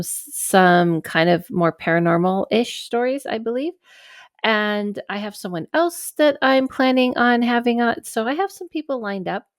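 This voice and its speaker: A woman's voice: medium pitch, no echo, studio quality. A woman hosting a podcast as a psychic medium, chatting casually and rambling with many asides and self-corrections. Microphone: camera microphone.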